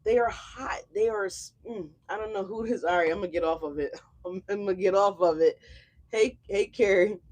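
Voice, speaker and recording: At a moderate pace and medium pitch, with a darkish tone, the host of a tarot channel gives a casual live reading. Addressing viewers directly, the delivery is effusive, slangy and exclamatory, with frequent cursing.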